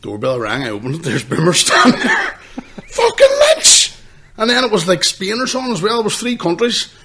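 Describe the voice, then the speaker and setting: A man, co-hosting a podcast, swearing and telling stories excitedly. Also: high voice, quick pace, slight background noise. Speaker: podcast co-host. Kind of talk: casual chat.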